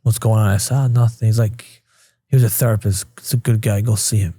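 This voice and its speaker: Low, husky man telling his story bluntly. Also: steady tone, quick pace, warm tone, no room sound, studio quality. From Queens, New York. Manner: blunt, swears freely, retells scenes with quoted dialogue. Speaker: podcast guest. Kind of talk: candid casual storytelling.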